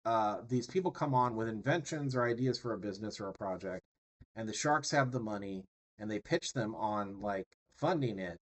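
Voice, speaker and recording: A man's voice: fairly low pitch, expressive, moderate pace, low-quality recording. A man lecturing a class in a loose, conversational way, peppered with fillers and tag questions. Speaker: instructor.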